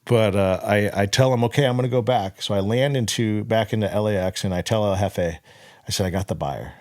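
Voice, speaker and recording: A man's voice: lowish voice, brisk, darkish tone, no echo, studio quality. A young man from Southern California, a podcast guest telling his story in a blunt, profane, casual way and acting out the dialogue.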